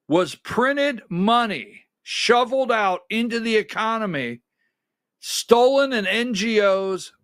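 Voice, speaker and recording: A man's voice: high-pitched, expressive, slow, a bit bright, no room sound, clean studio sound. A man hosting a conservative political talk show, giving sarcastic, emphatic commentary and calling directions to his producer.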